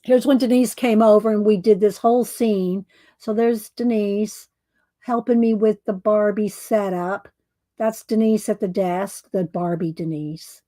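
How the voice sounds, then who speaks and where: Woman host, unhurried rambling crafter, dry close sound. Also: mid-range voice, fairly even intonation, mellow, no echo. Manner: rambling, chuckling, searching for words. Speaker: crafter showing her doll scenes. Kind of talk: casual chat.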